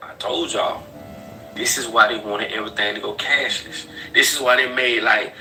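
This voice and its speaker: A man's voice: mid-range voice, moderate pace, pushed and bright, recorded from a distance, low-quality recording. A man doing a blunt, emphatic, slangy video commentary. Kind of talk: casual commentary.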